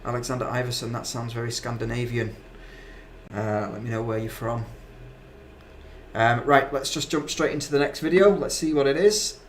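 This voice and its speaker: A man of medium pitch hosts a live stream, reading comments in a relaxed, chatty way. He fills gaps with "um" and apologizes easily, with faint noise behind him. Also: moderate pace. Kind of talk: casual chat reading comments.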